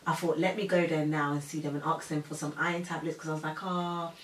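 A young woman telling a personal story in casual chat, animated and full of fillers, acting out what people said. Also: deep voice, quick pace, slight background noise. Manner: animated, chatty, full of fillers and acted-out quotes. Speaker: storyteller guest. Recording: roomy sound from a distant mic.

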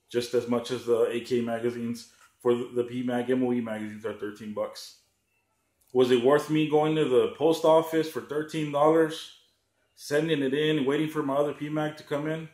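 In an echoey room, a man with a mid-range, darkish voice speaks at normal speed and a steady tone in his gun channel vlog. The rant is profane and sarcastic, and he often raises his voice to mock other people.

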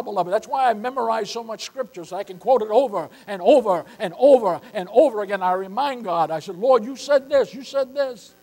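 A man's voice: high-pitched, darkish tone, rough recording. An older man preaching a sermon as pastor, emphatic and repeatedly calling his listeners beloved.

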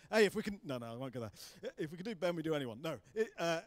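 A man preaching to a church congregation in a relaxed, joking way, full of quick asides. His voice sits a little high, and the sound is close and dry with no room echo. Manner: jokey and chatty, self-deprecating asides. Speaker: guest preacher. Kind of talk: church sermon. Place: church hall.

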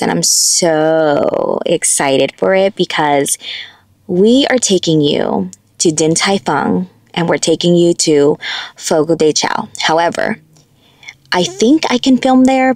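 A woman's voice: fairly low pitch, dry recording. A young woman hosting a mukbang, chatting casually to viewers between bites into a close mic. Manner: chatty, tasting food between lines, addresses viewers as friends. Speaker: mukbang host. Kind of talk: casual eating-show chat to viewers. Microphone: close mic that picks up swallowing.

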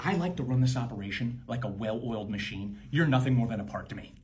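A man's voice: medium pitch, expressive, fast talker, background noise, pitched below the performer's own voice, lightly acted. A man playing several kinds of male managers in a comedy sketch, curt and businesslike. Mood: blunt. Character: blunt arrogant male boss.

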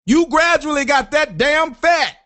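A man hosting an online talk show, ranting loudly and profanely in a comic style. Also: very high voice, a little slow. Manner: loud, profane, animated, breaks into sung chants. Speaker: host.

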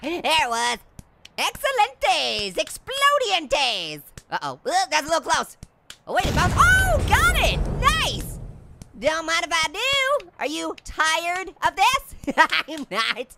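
Cartoon orange, male: very high, bouncy, giggly, pun-happy game commentator; noisy track. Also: wildly swooping pitch, unhurried, gravelly, heavily acted. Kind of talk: gameplay commentary. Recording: noisy recording.

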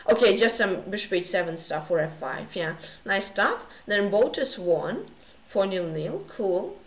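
A woman streamer casually commenting on chess games, excitable and full of gasps and exclamations. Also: medium pitch, a little slow, reverberant.

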